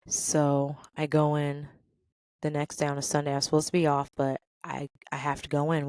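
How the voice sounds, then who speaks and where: A woman in her thirties hosting a podcast, telling a work story in a lively way and acting out the people in it. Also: low voice, a little slow, dry recording. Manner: animated, acts out quoted people. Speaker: podcast host. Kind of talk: storytelling rant.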